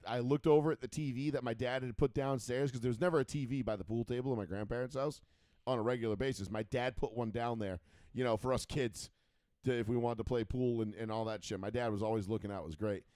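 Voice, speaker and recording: This medium-pitched, slightly mellow voice belongs to a man in his thirties who co-hosts a call-in sports radio show, talking fairly quickly. He rambles through stories thick with fillers and swearing, captured in clean studio sound with no room sound.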